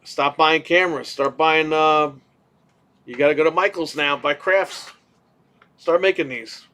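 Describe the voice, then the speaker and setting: A man co-hosting a casual podcast, telling a story in an animated way, swearing casually and acting out what people said. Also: a little high, a little slow. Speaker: podcast co-host.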